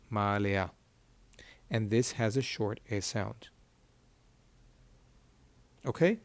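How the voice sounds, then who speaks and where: A male Hebrew teacher walks students through a reading lesson at a board. He repeats key terms and keeps asking checking questions. His voice is mid-pitched and recorded dry, with no room echo. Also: a little mellow. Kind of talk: whiteboard lesson.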